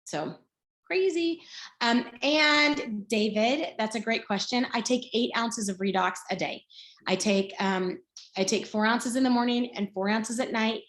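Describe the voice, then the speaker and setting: Her voice fairly high and a little bright, a woman in her sixties from Middle Tennessee speaks at a measured pace in a roomy-sounding space. On a video call she gives a casual testimonial, telling her story chattily with plenty of fillers and restarts.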